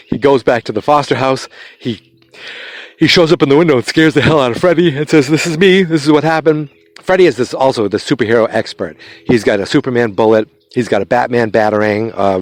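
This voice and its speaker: A man's voice: mid-range voice, no room sound. A man hosting a podcast, casually retelling a movie's plot in a loose, rambling way, with many fillers and restarts. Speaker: podcast host.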